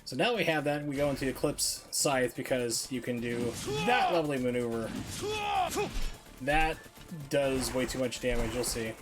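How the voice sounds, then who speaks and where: A man's voice: medium pitch, normal speed. Rambling male game streamer over music. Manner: rambling, many "like" fillers, wry asides. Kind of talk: casual live gameplay commentary. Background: game music and sound effects.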